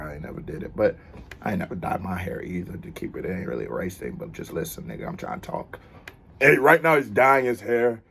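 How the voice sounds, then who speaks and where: A man hosting a casual reaction video, talking in an animated, joking and playful way. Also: lowish voice, husky. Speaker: host reacting to a music video.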